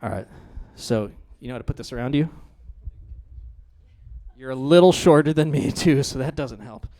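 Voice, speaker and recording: A man's voice: medium pitch, normal speed. A middle-aged male pastor preaching a sermon in a conversational, playful way. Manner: conversational, lively and playful with the congregation.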